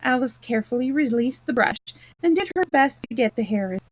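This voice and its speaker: A woman reading a children's story aloud, bringing the characters to life with lively voices. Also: fairly high pitch, brisk, no echo, rough recording.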